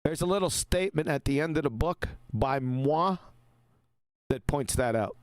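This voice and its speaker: Livestream host, male, brash and mocking, smooth voice, dry close sound. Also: fairly high pitch, expressive, normal speed, no room sound. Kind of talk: casual group livestream chat.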